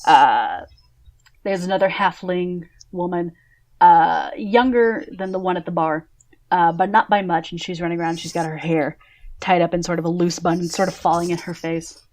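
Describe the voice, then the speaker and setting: A woman's voice: lowish voice, moderate pace, darkish tone. A woman running a tabletop game as game master, narrating scenes in a casual, descriptive way with many fillers.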